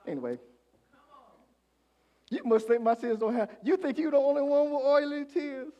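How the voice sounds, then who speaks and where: A man preaching a sermon as pastor, calling on the congregation to answer back and swinging from hushed lines to shouts. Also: extremely high pitch, lively intonation, normal speed, highs cut off.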